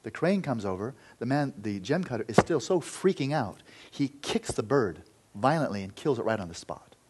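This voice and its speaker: A man giving a Buddhist dharma talk, telling a story in an earnest, loose way that often falls quiet. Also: mid-range voice, sing-song, normal speed, breathy edge. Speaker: Buddhist teacher.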